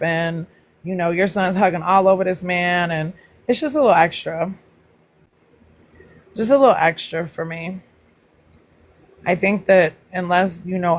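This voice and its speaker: A chatty woman hosts a casual livestream, speaking directly to her viewers. When she greets people by name her pitch leaps up high, then settles back into relaxed, playful teasing.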